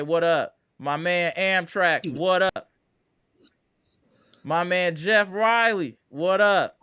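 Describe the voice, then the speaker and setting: High-voiced hyped sports stream host. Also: male voice, smooth, dry recording, clean studio sound. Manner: hyped, slangy, rattles off shout-outs to chat. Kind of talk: casual live-stream chat.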